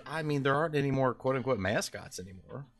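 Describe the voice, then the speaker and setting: A man's voice: medium pitch, animated, quick pace. A man co-hosting a casual gaming podcast, talking with strong opinions and lots of fillers. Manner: opinionated, rambling with many fillers. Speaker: podcast co-host. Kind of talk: casual chat.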